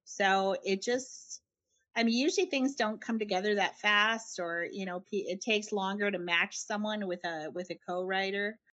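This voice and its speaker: A middle-aged woman from Canada, a writer being interviewed, talking in a chatty, animated way with frequent laughs and restarted phrases. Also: medium pitch, normal speed. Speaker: guest, writer. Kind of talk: conversational interview answers.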